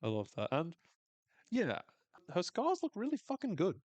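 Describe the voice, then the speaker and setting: Animated man recapping a show. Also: high-pitched, normal speed, no room sound. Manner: animated, swears freely, acts out characters' lines in funny voices. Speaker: podcast host recapping a TV episode. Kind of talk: casual recap chat.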